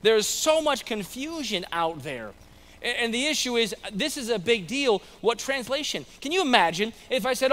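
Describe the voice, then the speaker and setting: American male pastor, fairly high voice, conversational preaching style that acts out quotes, in a long-reverb sanctuary. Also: very animated, normal speed, bright, forceful tone. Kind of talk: sermon. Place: church sanctuary.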